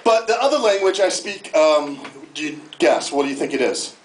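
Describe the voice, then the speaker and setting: An American man performing a self-mocking stand-up comedy set on a club stage, with frequent jumps into high-pitched bits. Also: expressive, moderate pace. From United States. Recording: echoey club room with noise. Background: audience laughter.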